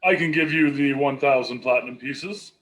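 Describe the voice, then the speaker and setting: A man's voice: medium pitch, normal speed, fairly bright tone. A man playing a tabletop game, bargaining in character with hesitant fillers. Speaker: player.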